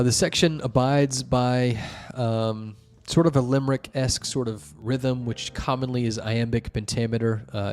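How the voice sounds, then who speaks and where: A man with a lowish voice talks through article reviews off the cuff. He rambles, stacks up fillers and restarts his sentences as he explains things at length. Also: a little mellow. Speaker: host reviewing wiki articles. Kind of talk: casual solo commentary.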